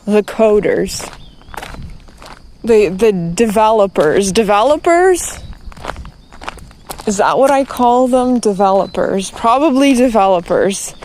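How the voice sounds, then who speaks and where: This woman streamer rants to the camera, exasperated and swearing, rambling on and restarting again and again. Her voice sits fairly high and a little mellow, with a slight hiss or hum underneath.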